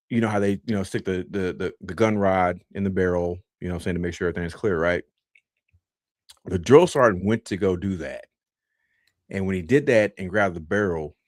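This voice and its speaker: A man's voice: no room sound, studio quality. A man telling a story casually on a podcast, often restarting and repeating himself, and acting out quoted lines with big jumps in his voice. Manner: animated, acts out quotes with big pitch jumps. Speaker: podcast host.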